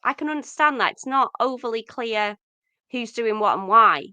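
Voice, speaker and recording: Woman, podcast co-host, casual chatty talk, slightly high, crisp bright voice. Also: normal speed, dry recording. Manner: chatty, lots of fillers, rising excitement. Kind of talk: casual film discussion.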